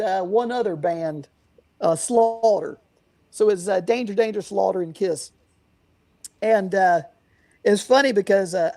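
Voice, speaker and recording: A man being interviewed who owns a guitar shop and tells loose, meandering anecdotes. He stops often for fillers, and his voice has a steady gravelly rasp. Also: high-pitched. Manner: rambling, many fillers and restarts. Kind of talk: casual storytelling interview.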